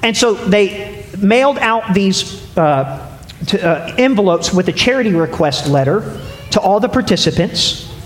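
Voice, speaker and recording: A male pastor preaching a sermon with animated delivery, acting out little dialogues as he goes. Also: high-pitched, measured pace. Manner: animated, acts out voices in dialogue. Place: church sanctuary. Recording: echoey hall with faint ambience.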